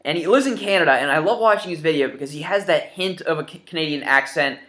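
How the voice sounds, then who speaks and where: This is a young man in his twenties talking straight to his viewers about games he has picked up. His voice sits a little high with a bright, forward edge. He rambles happily and fills the gaps with ums and half-started words. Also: quick pace. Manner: enthusiastic and rambling, with many fillers. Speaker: gaming YouTuber showing his new games. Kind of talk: casual vlog.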